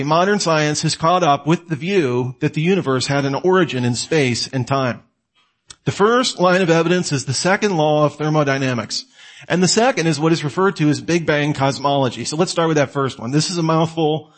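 Male teacher, slightly high voice, conversational lecture, animated, talks straight to the listener with questions he answers himself. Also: a little fast. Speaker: apologetics teacher.

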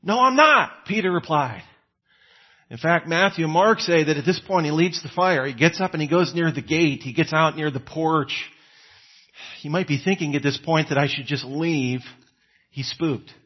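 Male preacher, slightly high husky voice, conversational sermon delivery, dull lo-fi sound. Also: normal speed. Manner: conversational, acts out quoted lines with rising pitch and volume.

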